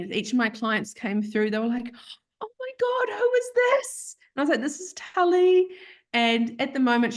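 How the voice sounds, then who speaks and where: Chatty woman telling a story. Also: fairly high pitch. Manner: chatty, animated, acts out quoted voices, laughs often. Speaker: guest. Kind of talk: casual storytelling.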